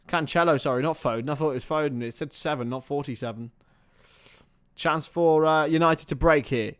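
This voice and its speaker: Man, slightly high voice, live football watchalong host, casual commentary, excitable play-by-play, chatty asides, casual swearing. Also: a little fast, smooth.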